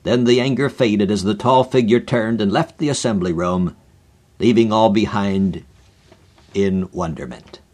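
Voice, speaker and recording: A man narrating a story for a radio sermon, steady and measured. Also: on the low side.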